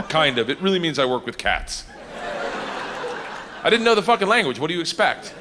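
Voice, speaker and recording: A man telling an animated, rowdy stand-up story before a live audience, breaking into laughter and shouts. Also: high voice, normal speed, long pauses. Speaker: stand-up comedian. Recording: long hall reverb with faint noise.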